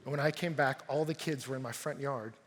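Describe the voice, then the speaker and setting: A man preaching a sermon at a youth camp, telling stories with animated energy that rises to shouts. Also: mid-range voice, brisk, slight background noise. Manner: animated storytelling, rising to shouts. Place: large arena at a youth camp. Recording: long arena reverb.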